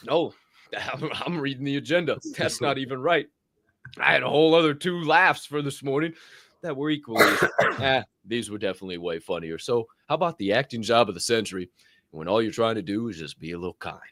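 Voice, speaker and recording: A man hosting a podcast, with loud, laughing, profane banter in casual chat. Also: medium pitch, lively intonation, fairly quick, no room sound. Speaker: podcast host.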